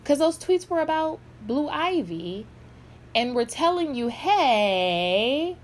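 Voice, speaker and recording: A woman's voice: high voice, sing-song, a little slow, darkish tone. A woman giving blunt, sassy, heavily profane commentary in a vlog. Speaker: pop culture commentator.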